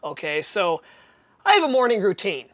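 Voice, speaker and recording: Casual podcast host, a woman in mid-range pitch, lively storyteller who acts out the other voices. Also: moderate pace. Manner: animated, acts out quoted voices.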